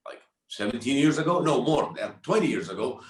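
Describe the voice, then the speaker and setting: A man's voice: mid-range voice, animated, a little fast, echoey room, distant mic. A comedian in his forties from Kuwait, telling stories in casual chat and acting out his friends' voices. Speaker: comedian and comedy club founder.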